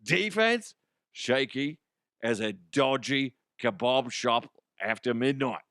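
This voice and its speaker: A man voicing a brash male pundit in a put-on Cockney accent, loud, slangy and taunting. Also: medium pitch, expressive, slow pace, dry recording, studio quality.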